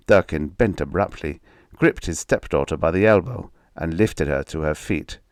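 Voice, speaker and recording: A man reading a vintage science fiction horror story aloud in a measured, steady way. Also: low voice, no room sound, studio quality. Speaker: audiobook narrator. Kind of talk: scripted narration.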